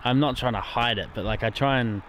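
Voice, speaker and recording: A man's voice: mid-range voice, a little fast, background noise. A man with an Australian accent, hosting a casual livestream and laughing often as he playfully dodges requests. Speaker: livestream host. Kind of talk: casual chat. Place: outdoors at an airport.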